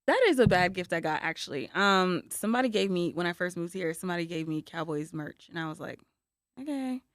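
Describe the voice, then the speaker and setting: A woman from North Carolina co-hosting a podcast, blunt and teasing with quick laughs. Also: on the low side, a bit bright, no echo, clean studio sound. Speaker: podcast co-host. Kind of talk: casual chat.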